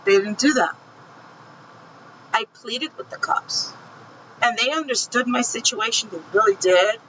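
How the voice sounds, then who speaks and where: Woman, vlogger, personal storytelling, heated, profane, forceful bright voice, dull audio, faint vehicle noise. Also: on the high side, unhurried. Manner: heated, profane, tells the story with raw feeling. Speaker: vlogger recounting her own experience.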